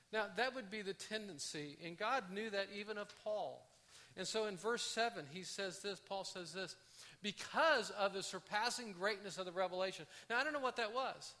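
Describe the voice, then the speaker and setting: A man delivers a sermon in a relaxed, conversational way, often stumbling and restarting his phrases. His voice sits high and sounds bright. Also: normal speed. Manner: conversational, animated, with frequent restarts. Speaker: pastor.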